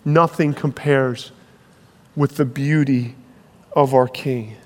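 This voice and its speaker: A man preaching a sermon, earnest and emphatic, slowing down on key phrases, heard in a large hall. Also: mid-range voice, steady tone, a little mellow. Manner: earnest, building to emphatic peaks, slowing for weight. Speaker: pastor.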